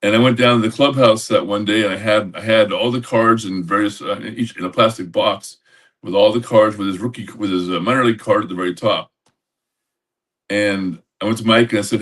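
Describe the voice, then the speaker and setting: An older man co-hosting a podcast, telling a rambling anecdote with lots of halting restarts over a video call. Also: on the low side, steady tone, fairly bright tone, distant mic. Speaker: podcast co-host. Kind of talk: casual storytelling.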